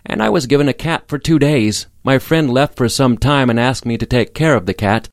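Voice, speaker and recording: A calm, kindly neighbor woman explaining things reassuringly, as a man reading a storybook voices her. It stays close to his plain reading voice, dry and near the mic. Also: medium pitch, fairly quick, no room sound, lightly acted.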